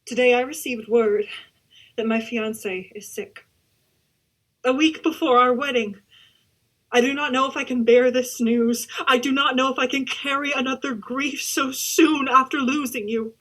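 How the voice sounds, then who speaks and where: A grieving young woman confesses her heart in a letter, hushed and close to tears, as a woman acts her. Her voice sits a little high. It is a theatre monologue. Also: fairly even intonation, moderate pace. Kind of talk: theatre monologue over video call.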